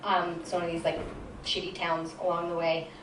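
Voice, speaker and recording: A woman's voice: on the low side, completely flat delivery, fairly quick, a bit bright, a little hiss or hum. A young woman from New Jersey doing a stand-up comedy set in a club, rambling and self-deprecating with lots of fillers. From New Jersey, USA. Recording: roomy club sound from a distance. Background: audience laughter.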